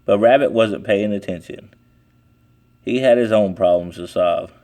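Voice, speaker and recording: Slow, low-voiced man reading a storybook. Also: dark tone. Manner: slow and deliberate. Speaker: storybook reader. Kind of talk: children's book read aloud.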